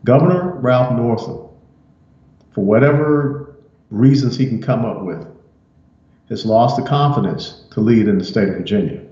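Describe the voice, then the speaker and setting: A man delivers political opinion commentary in a measured, emphatic way, leaning on key words. His voice is mellow and warm. The recording sounds roomy and a little muffled. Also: mid-range voice, animated.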